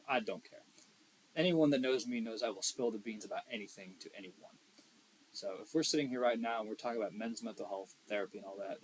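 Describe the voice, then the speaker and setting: A young man co-hosting a podcast in casual chat, blunt and profane, swinging between loud emphasis and quiet asides. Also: medium pitch, rough recording. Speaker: podcast co-host.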